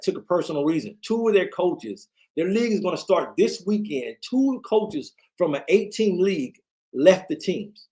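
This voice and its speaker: Rambling man ranting on a late stream. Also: on the high side. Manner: rambling, repetitive ranting, talks to chat. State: tired. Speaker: livestream host. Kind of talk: late-night livestream rant.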